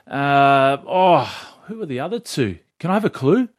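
Chatty sports show host, dry sound. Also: male voice, a little high, expressive, moderate pace, no room sound. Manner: chatty, laughs easily. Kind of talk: casual radio chat.

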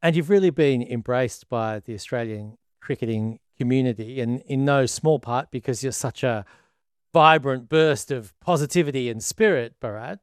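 A man interviewing a guest, asking measured, considered questions. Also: mid-range voice, clear, resonant tone, dry recording, studio quality.

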